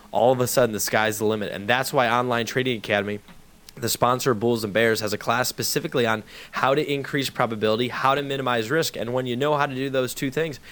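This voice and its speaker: A man hosting a radio show, retelling a conversation and pitching a sponsor's offer. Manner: fast, animated storyteller who re-enacts both sides of a conversation; urgent promotional delivery.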